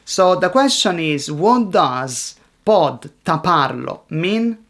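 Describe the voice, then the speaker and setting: Slow, gravelly-voiced man reading a quiz. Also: a little high, lively intonation, fairly bright tone. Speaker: Italian language teacher. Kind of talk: scripted quiz narration.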